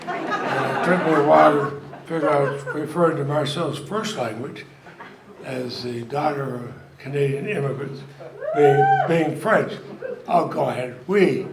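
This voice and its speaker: An older man, a retiring senator, giving a rambling, self-deprecating anecdotal speech to an audience at an event. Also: fairly high pitch. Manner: rambling storyteller, self-deprecating humor, frequent pauses. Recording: echoey hall, noisy crowd. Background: audience laughter and room noise.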